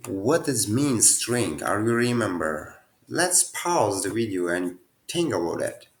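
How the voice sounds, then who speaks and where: Slow, low-voiced man teaching code. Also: big pitch swings. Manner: non-native phrasing, talks through answers aloud. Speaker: programming teacher. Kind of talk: casual screen-share tutorial.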